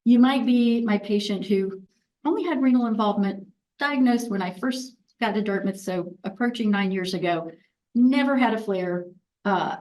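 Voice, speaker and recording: A woman's voice: mid-range voice, a little mellow, distant mic, rough recording. A woman of about sixty, a physician, gives a candid, chatty conference talk full of restarts and self-deprecating asides. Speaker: physician presenter.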